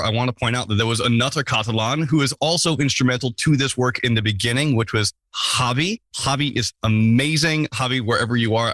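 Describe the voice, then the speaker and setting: A man hosts a relaxed podcast in an easy middle register, tossing in playful, self-mocking remarks as he introduces his guests. His voice is recorded close and dry, with no room sound. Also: medium pitch, no room sound. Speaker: podcast host.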